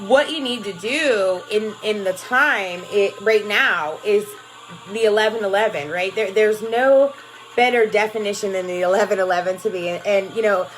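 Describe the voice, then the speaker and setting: A woman's voice: medium pitch, moderate pace, fairly bright tone, faint music behind. A woman life coach talking casually and emphatically on a livestream, often asking "right?" and greeting viewers by name. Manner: emphatic, rambling, repeats "right?" and "you know". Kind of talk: casual motivational livestream talk.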